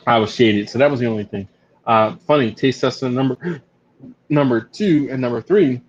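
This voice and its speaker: A chatty man hosting a live stream, telling stories and jumping up high when he mimics other people. His voice sits mid-range, and the sound is a little dull and lo-fi, with faint room noise behind him. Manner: storytelling, acts out other people with big jumps in pitch. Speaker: barbecue channel host. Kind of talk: casual live-stream chat.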